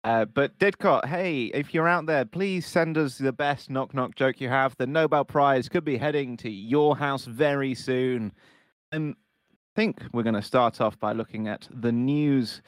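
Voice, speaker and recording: A man's voice: mid-range voice, measured pace, no echo, close to an everyday voice. A man playing a local radio news anchor in improv comedy, with an earnest, faux-formal newsreader delivery.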